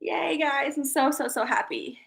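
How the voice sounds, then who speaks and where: A young woman chats to her viewers on a casual livestream, bubbly and easily excited. Her voice sits high and sounds bright and forceful. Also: a little slow, gravelly. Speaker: livestream host.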